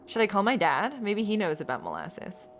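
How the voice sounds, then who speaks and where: A woman's voice: mid-range voice, wildly swooping pitch, moderate pace, slight background noise. A young woman chatting casually while streaming a game live, reading text aloud and laughing often. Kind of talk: casual live gameplay commentary.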